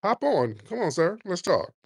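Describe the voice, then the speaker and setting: A man's voice: sits high, big pitch swings, normal speed, husky, dry recording, studio quality. A man hosting a live call-in chat, mocking and taunting his callers, calling them "sir". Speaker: host.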